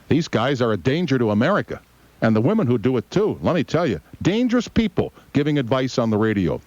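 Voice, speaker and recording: A man's voice: medium pitch, huge pitch swings, fast, a little mellow, highs cut off. A man in his fifties, a talk radio host making casual, wry off-air remarks at a studio microphone. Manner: wry, conversational, gruff asides.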